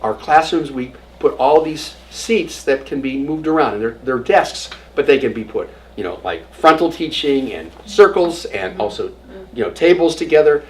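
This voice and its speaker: Animated and speaking at a moderate pace in a mid-range voice, a man teaches an adult class as a rabbi. His informal lecture is full of stories, jokes, and acted-out quotes, with occasional drops to a whisper, captured on a distant mic amid audible room noise.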